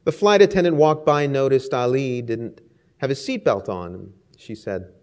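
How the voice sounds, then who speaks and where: A man's voice: mid-range voice, normal speed, a little mellow. Emphatic male preacher. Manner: emphatic, rhetorical lists, storytelling. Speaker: pastor. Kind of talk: sermon.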